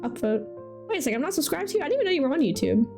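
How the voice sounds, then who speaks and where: A woman's voice: high-pitched, very animated, rapid-fire, creaky, music in the background. A woman hosting a live stream, chatting casually and reacting animatedly to viewers' artwork. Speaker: livestream host showcasing community art.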